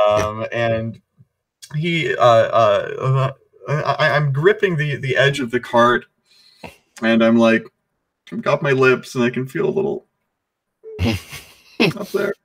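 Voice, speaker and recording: A man playing a tabletop game, describing his character's actions in halting speech. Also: mid-range voice, a bit bright. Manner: halting, laughing, slow speech. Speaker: player.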